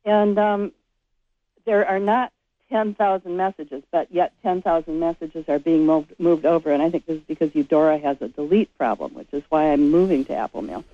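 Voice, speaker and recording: A woman's voice: deep voice, moderate pace, no room sound. Woman, caller, tinny phone line, dry, polite and earnest. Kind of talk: phone-in question.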